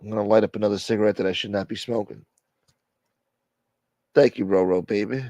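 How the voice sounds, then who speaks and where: A man hosting a mock church livestream, brash and profane, dropping to a mumble and then bursting out loud. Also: on the low side, fairly even intonation, brisk, no room sound. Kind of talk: casual comedic livestream banter.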